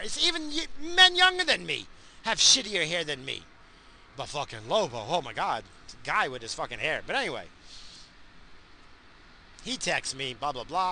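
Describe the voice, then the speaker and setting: A man in his forties ranting crudely from inside his car, yelling now and then at other drivers. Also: a little high, lively intonation, normal speed, slight background noise. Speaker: vlogger. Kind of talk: casual profane rant.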